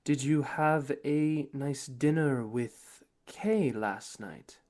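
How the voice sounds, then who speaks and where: A man voicing a sweet-talking vampire matriarch who speaks slowly and softly in a doting way. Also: mid-range voice, natural voice.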